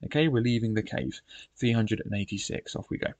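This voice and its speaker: A man reads passages from a fantasy gamebook in an even, mid-pitched voice, then talks casually through each choice he makes. The recording sounds dry and close, with no room echo. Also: brisk, gravelly. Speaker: gamebook player and narrator. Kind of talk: reading a gamebook aloud with commentary.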